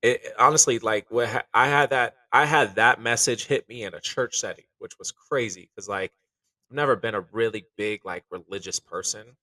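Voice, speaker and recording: A man with a bright, forceful voice talks in an earnest, reflective way, dotted with fillers. His voice sits a little low. It is recorded dry but slightly off the microphone. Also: moderate pace, no echo, distant mic, poor audio. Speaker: chef. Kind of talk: candid podcast conversation.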